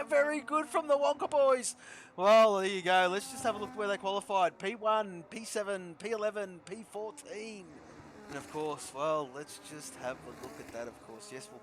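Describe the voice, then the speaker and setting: A man commentating a sim racing league, shouting with excitement at fast laps and laughing at his own jokes. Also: high voice. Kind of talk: excitable esports race commentary.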